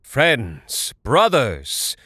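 A man's voice: medium pitch, huge pitch swings, extremely slow, dry recording, studio quality, pitched above the performer's own voice, heavily acted. A man voicing a scheming, lying male bard who rallies crowds and sneers at his lord. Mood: rousing. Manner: forceful, persuasive, sneering.

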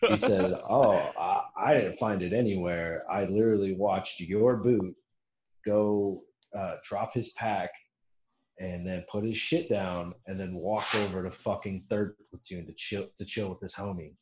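A man's voice: low voice, fairly even intonation, a little slow, a little mellow, a little hiss or hum. A man casually telling a military story, swearing often, laughing, and acting out the people he quotes. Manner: profane, laughing, acts out quoted voices. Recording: roomy, dull lo-fi sound.

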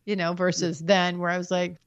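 A woman's voice: fairly low pitch, little pitch movement, clean tone, dry recording, muffled recording. A woman as a podcast guest in candid, casual conversation, talking frankly and with lots of swearing. She often trails off and restarts her sentences. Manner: frank, profane, storytelling with halting restarts.

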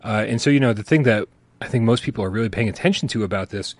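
A man's voice: on the low side, fast, dry recording. A man co-hosting a live gaming podcast in casual, rambling chat, often admitting he is unprepared. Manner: rambling, self-deprecating, chuckling. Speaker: podcast co-host.

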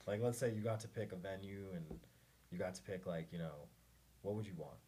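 A man hosting a podcast, asking his guest questions in a relaxed way, with casual swearing. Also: low voice, fairly quick, husky. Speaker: podcast host. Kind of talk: casual chat.

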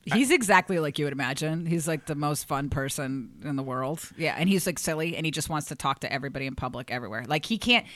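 A woman's voice: low voice, quick pace, few pauses, a bit bright, dry recording. A woman comedian chatting as a podcast guest, telling stories with lots of fillers and laughter. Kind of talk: casual podcast storytelling.

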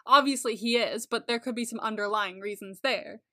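A woman's voice: a little high, brisk, bright, forceful tone. A woman co-hosting a casual TV recap podcast, laughing often, swearing and exclaiming her reactions. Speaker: podcast co-host.

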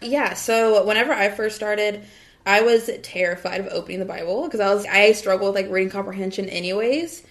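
A woman's voice: mid-range voice, fairly quick. A young woman from the United States talking casually about her faith, with lots of fillers and frequent laughs. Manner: chatty, lots of "like" and "literally", laughs often. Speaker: guest.

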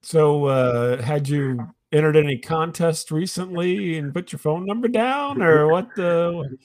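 A man's voice: a little high, a little mellow, no echo, studio quality. A man co-hosting a podcast in casual chat, chiming in with jokes and probing questions. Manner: quick-witted, joking asides and questions. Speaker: podcast co-host.

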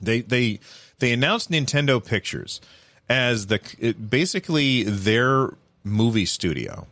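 A man's voice: mid-range voice, a little slow, no echo. Rambling man in dry casual commentary. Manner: animated, rambling with many fillers and restarts.

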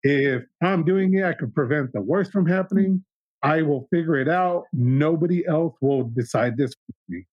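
A man's voice: on the high side, normal speed, no echo. Earnest man in his thirties, dull lo-fi sound. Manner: earnest, reflective, with frequent restarts. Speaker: podcast guest. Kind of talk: candid personal storytelling.

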